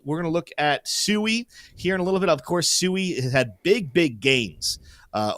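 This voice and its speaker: Animated, lively male crypto host. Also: a little high, no echo. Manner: energetic, joking, hypes viewers. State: teary-eyed. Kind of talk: casual market commentary.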